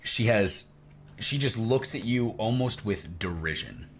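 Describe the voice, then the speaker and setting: A man's voice: on the low side, unhurried, breathy edge. A man narrating a tabletop game as game master, jumping into voices for the townsfolk. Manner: lively, shifts into character voices for townsfolk.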